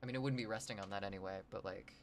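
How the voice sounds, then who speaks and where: A man's voice: lowish voice, racing, slight background noise. A man streaming his drawing session, rambling and joking with his chat. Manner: rambling, jokey, talks to chat. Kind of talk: casual livestream chat while sketching.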